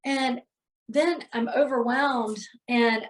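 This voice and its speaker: A woman's voice: on the high side, fairly even intonation, slow pace. A middle-aged woman, a healer and podcast guest, candidly retelling a hard personal day with emotion and lots of fillers.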